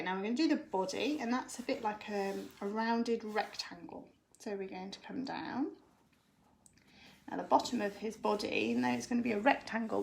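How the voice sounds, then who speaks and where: A woman's voice: mid-range voice, gravelly, a little mellow, slight background noise. A woman giving a live drawing lesson for children from home, explaining each step patiently. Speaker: drawing teacher.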